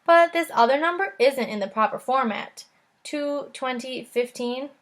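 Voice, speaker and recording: A woman voicing a brisk, impatient, quick-witted girl of about twelve in a children's book reading. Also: high-pitched, lively intonation.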